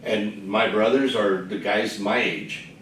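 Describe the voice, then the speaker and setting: A man's voice: on the low side, slow. A man, a veteran, telling stories in casual group talk and acting out the exchanges he quotes. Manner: animated, acts out quoted exchanges. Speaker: veteran guest on a panel. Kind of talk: casual storytelling in a group chat. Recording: echoey room, voice from far off mic, faint noise.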